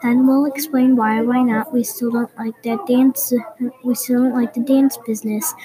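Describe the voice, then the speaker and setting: A woman's voice: fairly high pitch, steady tone, moderate pace, a crowd in the background, lightly acted, poor audio. A female reader voicing an outspoken schoolgirl who argues back against bullies. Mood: eager. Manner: argumentative.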